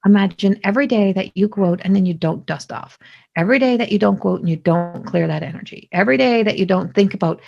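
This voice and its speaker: A middle-aged woman hosting a podcast, talking in a lively, rambling way with many restarts. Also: medium pitch, fast talker, vocal fry, muffled recording. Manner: animated, talkative, many restarts. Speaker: podcast host; psychic medium. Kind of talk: casual spoken monologue.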